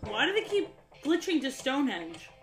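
A woman's voice: high voice, big pitch swings, moderate pace, loud music behind the voice. A woman hosting a casual comedic reaction video, joking and laughing often as she mocks a movie. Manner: jokey, laughs often, puts on silly voices. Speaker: YouTube host reacting to a movie.

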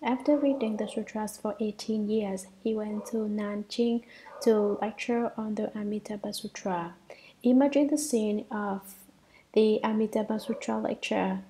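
A woman reads Buddhist scripture commentary aloud at a measured pace. Her voice is gravelly and mellow, with a dark, warm tone. She often drops into a soft half-whisper and sometimes restarts a phrase. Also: medium pitch, slight background noise, rough recording. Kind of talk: read-aloud sutra commentary.

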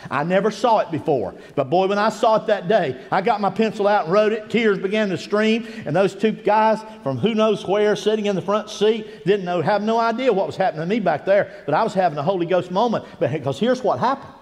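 An older man preaching a folksy sermon as a guest pastor, swinging between hushed and rising emphasis. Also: high voice, fairly quick, few pauses, big-room sound. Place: church sanctuary.

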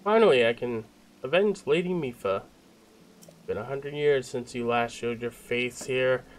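A man's voice: medium pitch, lively intonation, a little slow, lightly acted. A man doing a vengeful fish-folk guard. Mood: accusing. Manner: accusing, dramatic line reading. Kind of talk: reading game dialogue aloud.

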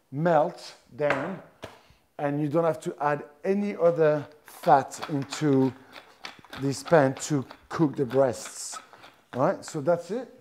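A man's voice: a little high, mellow. A middle-aged man, a chef talking his audience through a live cooking demonstration in a chatty way, often restarting his sentences. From France. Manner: chatty, halting restarts, explains step by step.

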